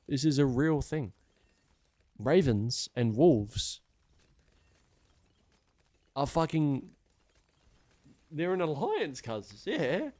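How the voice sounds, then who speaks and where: A young man chatting casually while streaming a game, rambling and swearing with animated wonder. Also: a little high, slow pace, long pauses, no room sound. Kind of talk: casual chat while gaming.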